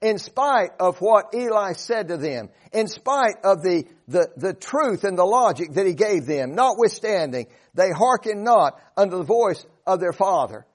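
A man's voice: high-pitched, animated, a little slow, hardly any pauses. A man preaching a sermon, earnest and emphatic, reciting scripture in old-fashioned wording.

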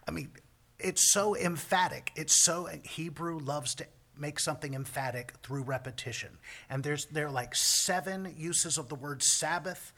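A man explains scripture in an earnest, emphatic way. His voice is bright and forceful, with a husky, breathy edge. His hushed stretches sink to a near-whisper. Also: a little high, measured pace. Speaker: Bible teacher. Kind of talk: Bible teaching with commentary.

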